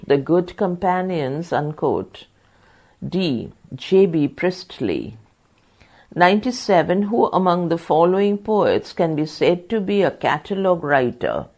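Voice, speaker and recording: Low-voiced woman reading quiz answers really slow, says the commas and quotes out loud, spells words out. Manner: methodical, reads punctuation and quote marks aloud and spells out terms. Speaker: volunteer reader. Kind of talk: reading exam questions and answers aloud.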